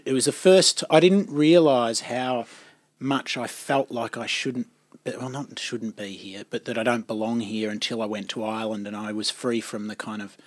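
A man's voice: mid-range voice, dry recording. A man, co-hosting a casual chat and reflecting thoughtfully, often repeating words as he searches for them. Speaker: podcast co-host.

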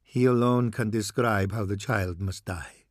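A man voicing a tearful, trembling priest who delivers prophecies of doom in a slow, hushed voice that sinks into whispers. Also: on the low side, steady tone, dry recording, studio quality, lightly acted. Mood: ominous.

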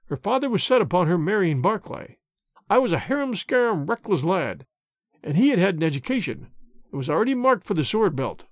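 A man's voice: high voice, dry recording, studio quality. A man reading an audiobook, voicing a bitter, hunched old ex-soldier who talks in agitated outbursts.

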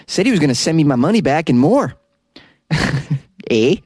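A man's voice: a little high, sing-song, darkish tone, dry recording, clean studio sound. A man voicing a gullible, cheerful Canadian in an exaggerated mock Canadian accent, ending his sentences with "eh". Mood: gullible, folksy. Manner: tags sentences with a drawn-out "eh", sing-song.

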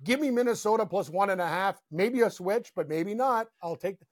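A man with a notably high speaking voice talks sports picks as a co-host. He is excitable and laughs a lot, tumbling into quick rants. The sound is close and dry, with no room around it. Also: dry recording. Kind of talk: casual sports betting chat.

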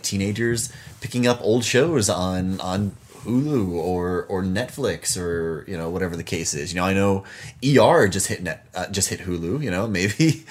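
A man in his thirties co-hosting a casual book podcast, animated, with lots of fillers and restarts and easy laughter. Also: low voice. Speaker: podcast co-host. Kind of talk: casual chat about books.

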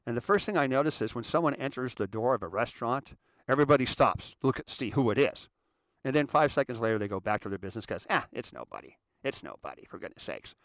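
Animated male author, casual anecdotes, repeats himself, dry close recording. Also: medium pitch, dry recording. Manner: animated, repeats words, quick asides. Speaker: author answering audience questions.

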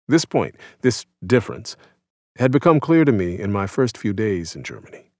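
A man in his thirties from the United States reads his own essay in a low, even voice. His delivery is measured and somber, and the recording is dry and close with no room sound. He narrates with quiet reflection. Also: no echo. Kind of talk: scripted narration.

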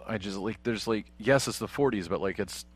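A man with a fairly low voice chats casually while watching a film with friends. He rambles, circling back with lots of fillers as he talks. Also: fairly quick, husky. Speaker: podcast co-host. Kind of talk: casual movie watch-along chat.

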